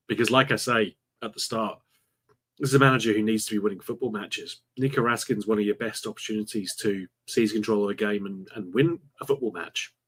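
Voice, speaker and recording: A man's voice: medium pitch, fairly bright tone, husky. A man co-hosting a football podcast, talking earnestly and with strong opinions. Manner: earnest, opinionated, frustrated about the manager. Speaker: podcast co-host. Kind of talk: casual football podcast chat.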